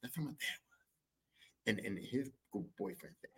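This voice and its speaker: Animated profane male storyteller. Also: mid-range voice, moderate pace, vocal fry. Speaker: podcast host. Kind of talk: comic storytelling.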